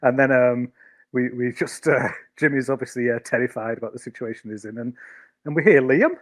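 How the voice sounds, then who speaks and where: A man's voice: mid-range voice, fairly quick. A man hosting a podcast chat, hesitant and full of restarts as he passes questions along. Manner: hesitant, many fillers and restarts. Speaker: podcast host. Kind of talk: casual chat.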